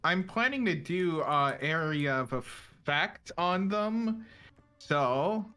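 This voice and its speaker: A player in a tabletop game over voice chat who is quick to argue. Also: mid-range voice, animated, fairly bright tone, clean tone.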